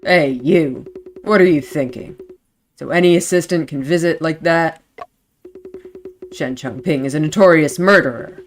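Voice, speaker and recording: A woman's voice: sits low, a little slow, long pauses, soft background music. A woman voicing a stern male police sergeant who barks orders at an officer. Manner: barking, authoritative.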